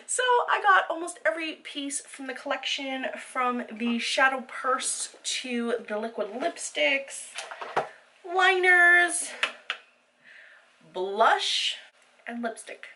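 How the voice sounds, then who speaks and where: A woman's voice: sits high, takes it slowly, pushed and bright, far from the mic, rough recording. A woman giving a chatty, detailed makeup haul review, with fillers as she goes. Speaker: beauty vlogger.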